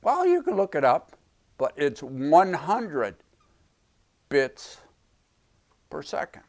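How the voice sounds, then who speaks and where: Slow, emphatic male lecturer. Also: a little high, wildly swooping pitch, creaky, a little mellow. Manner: emphatic, repeats key phrases. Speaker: self-help teacher. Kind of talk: explanatory video lecture.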